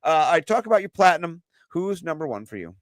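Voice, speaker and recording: A man co-hosting a sports podcast, talking excitedly and loosely, with lots of fillers and some swearing. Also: a little high, fast talker, dry recording. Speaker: podcast co-host. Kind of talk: casual sports chat.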